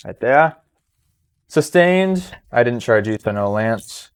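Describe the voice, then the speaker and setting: A man's voice: medium pitch, lively intonation, takes it slowly, smooth. Playful man hyping up his dice. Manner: playful, hyped, jokey asides. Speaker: tabletop wargame player. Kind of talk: casual battle report banter.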